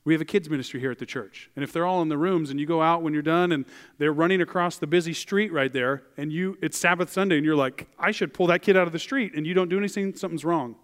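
A man preaching a sermon as a pastor, animated and acting out the voices of the people in the story. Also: a little high, quick pace, smooth, big-room sound. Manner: animated, acts out voices of biblical figures. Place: church.

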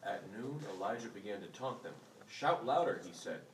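A man's voice: lowish voice, lively intonation, moderate pace, slight background noise. A man in a study group reading scripture aloud. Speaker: class member reading aloud. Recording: roomy, far from the mic.

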